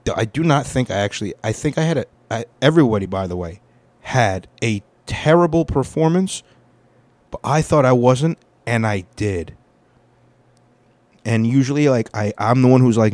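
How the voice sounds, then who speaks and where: A man's voice: mid-range voice, moderate pace, darkish tone, no room sound. A young man hosting his own podcast, telling about his week in a meandering, profane and self-deprecating way. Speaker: podcast host. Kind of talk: rambling casual monologue.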